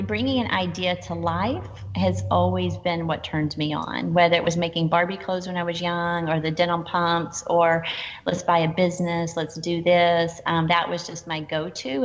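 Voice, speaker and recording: A middle-aged woman telling stories in a casual interview, animated and quoting people in dialogue. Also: fairly low pitch, measured pace, a little hiss or hum. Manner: animated, quotes herself and others in dialogue. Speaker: guest entrepreneur. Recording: dull lo-fi sound with long reverb.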